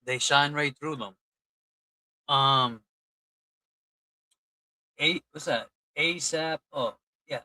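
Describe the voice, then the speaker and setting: A man's voice: on the high side, extremely slow, pauses often, pushed and bright, dry recording, poor audio. A man hosting a casual livestream, reading out and thanking chat donors in a loose, chatty way. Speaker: livestream host.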